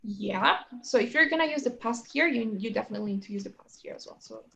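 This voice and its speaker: A woman's voice: on the high side, lively intonation, quick pace, gravelly, fairly bright tone. A woman teaching a one-on-one English lesson, explaining in a chatty way and often checking with "right?" and "you know?".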